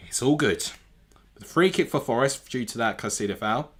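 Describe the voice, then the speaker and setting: A man's voice: medium pitch, lively intonation, normal speed, a little hiss or hum. A man streaming a live football watchalong from home, reacting to the match and often correcting himself aloud as he goes. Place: home room with TV.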